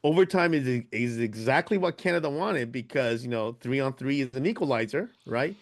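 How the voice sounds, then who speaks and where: A man's voice: medium pitch, animated, normal speed. A man co-hosting a podcast in casual chat, rambling with many fillers and restarts. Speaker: podcast co-host.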